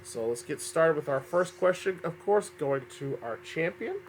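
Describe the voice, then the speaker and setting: A man's voice: a little high, lively intonation, normal speed, vocal fry, heavy background noise. A man hosting a fan-made game show, upbeat but often stumbling and correcting himself, a little under the weather.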